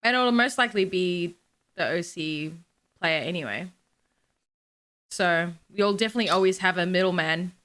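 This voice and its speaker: A young woman co-hosting a casual gaming podcast, talking in quick bursts with restarts and laughter. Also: lowish voice, a bit bright. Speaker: podcast co-host.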